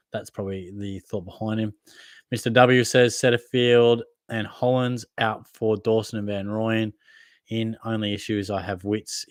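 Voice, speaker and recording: A man's voice: fairly low pitch, dry recording, clean studio sound. A young Australian man hosting a casual live Q&A, reading viewer comments in a laid-back, matey way. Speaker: fantasy football livestream host.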